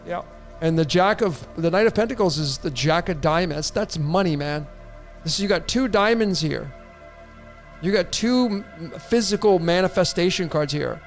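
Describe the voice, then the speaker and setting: A man's voice: high-pitched, lively intonation, moderate pace, faint music behind. A man hosting a casual livestream tarot reading, rambling with lots of restarts and casual swearing. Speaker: tarot reader and livestream host.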